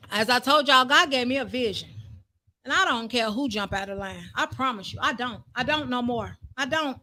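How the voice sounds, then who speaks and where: A woman's voice: high-pitched, sharp tone. A woman preaching a live-streamed sermon in a fervent, repetitive, conversational way.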